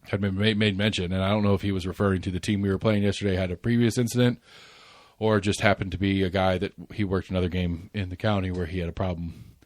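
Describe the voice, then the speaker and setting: A man's voice: deep voice, level tone, quick pace, no room sound. A man in his forties hosting a casual podcast chat, rambling through stories with restarts and laughs. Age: 40s. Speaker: podcast host.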